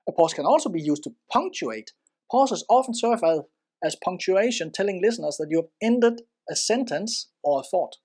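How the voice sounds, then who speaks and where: Instructional narrator, lively pitch, expressive, volume shifts for emphasis. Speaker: presenter.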